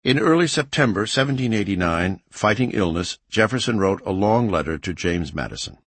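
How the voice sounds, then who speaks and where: Husky-voiced male history narrator. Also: lowish voice, dry recording. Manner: measured, expressive reading with varied emphasis. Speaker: audiobook narrator. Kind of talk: scripted nonfiction narration.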